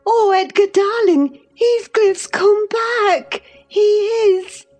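A woman reading an audiobook, voicing an impetuous, excitable young lady of the manor in a high, eager voice. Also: measured pace, faint music behind, exaggerated voice. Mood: ecstatic. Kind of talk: audiobook character voice.

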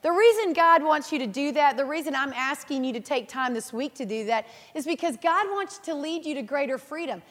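A woman in her thirties preaching a sermon, earnest and animated, telling personal stories and laughing at herself. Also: high voice, brisk, few pauses. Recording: reverberant hall.

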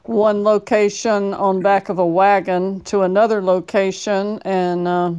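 A woman's voice: mid-range voice, flat delivery, unhurried, a little mellow, clear, resonant tone. Female co-host, leisurely teasing talker, mid-range voice. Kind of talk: casual podcast chat.

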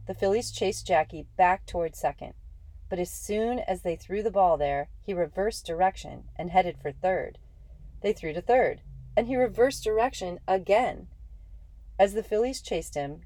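Low, mellow woman narrating a story. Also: no echo. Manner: steady, measured storytelling. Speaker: audiobook narrator. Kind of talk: scripted first-person storybook narration.

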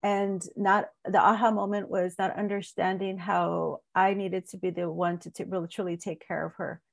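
A woman in her forties, a guest on a wellness talk show, sharing her personal healing story in an earnest, halting way with many restarts. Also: medium pitch, little pitch movement, gravelly. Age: 40s. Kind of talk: podcast interview, personal story.

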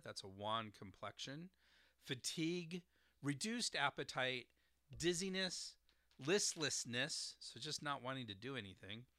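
A man's voice: medium pitch, bright, forceful tone, clean tone, dry recording, studio quality. A man hosting an educational podcast as a doctor of herbal medicine, explaining terms carefully and spelling them out letter by letter.

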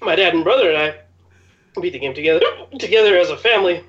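High-voiced young man, laughing and hiccuping. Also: quick pace, fairly bright tone. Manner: laughing and hiccuping through pepper heat. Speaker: podcast co-host. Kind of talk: casual chat. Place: home bedroom. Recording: dull lo-fi sound with faint noise.

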